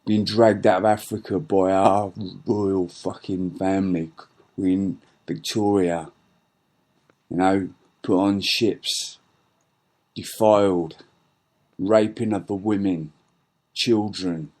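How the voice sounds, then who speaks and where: A man's voice: low voice, flat delivery, takes it slowly, pauses often, a little mellow. A middle-aged man ranting angrily in a rambling, profane monologue, full of restarts and repeats. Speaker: podcast host.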